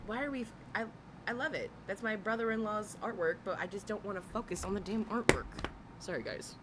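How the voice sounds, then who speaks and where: A woman's voice: medium pitch, fairly quick, very noisy. A woman in her thirties, a reaction streamer chatting casually with her live viewers, laughing often as she greets them. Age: 30s. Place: home room with air conditioner humming.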